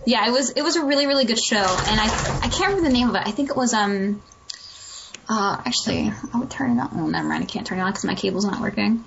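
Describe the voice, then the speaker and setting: A woman's voice: mid-range voice, animated, fast talker, vocal fry, dull audio, background noise. Chatty, gushing woman podcast co-host. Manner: enthusiastic, rambling with fillers. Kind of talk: casual chat.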